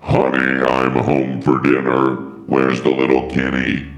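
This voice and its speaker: A man putting on a doting stranger who coos baby talk to a kitten in a gravelly voice. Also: extremely low pitch, completely flat delivery, unhurried, echoey room, faint music behind, pitched below the performer's own voice, exaggerated voice. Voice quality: gravelly, doting, repetitive cooing.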